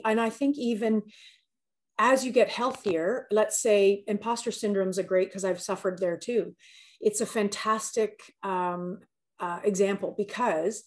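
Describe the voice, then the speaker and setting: A woman coach talking as a podcast guest, telling personal stories in an earnest, candid way and often repeating words as she thinks aloud. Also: mid-range voice. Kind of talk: candid conversational storytelling.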